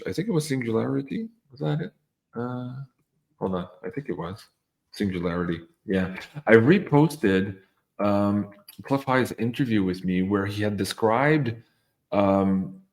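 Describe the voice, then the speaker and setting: A man with a fairly low voice hosts a relaxed interview. He talks in an animated, chatty way, laughing often and filling pauses with ums. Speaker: host. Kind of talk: casual interview chat.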